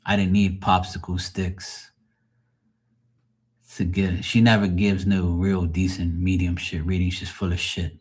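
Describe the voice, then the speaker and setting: A man's voice: low-pitched, level tone, unhurried, breathy edge. Profane man ranting on a live stream. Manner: profane, mocking, rambling. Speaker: live tarot reader.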